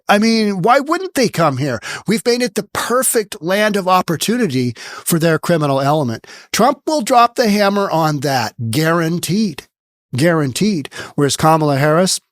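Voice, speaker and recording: A man's voice: fairly high pitch, dry recording, clean studio sound. A man hosting a political commentary monologue, talking casually and sarcastically and repeating words for emphasis. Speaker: host.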